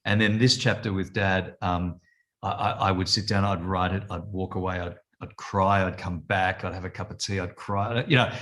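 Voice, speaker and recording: Australian man in his fifties, jokey storyteller. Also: on the low side. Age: 50s. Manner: jokey storyteller, animated retelling of conversations. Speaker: television presenter and author, guest. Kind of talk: casual chat.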